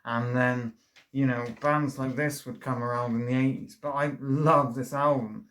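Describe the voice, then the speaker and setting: A man's voice: mid-range voice, fairly even intonation, moderate pace, fairly bright tone. Rambling, enthusiastic man. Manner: enthusiastic, rambling with many fillers and restarts. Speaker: vinyl record reviewer. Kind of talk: casual review monologue.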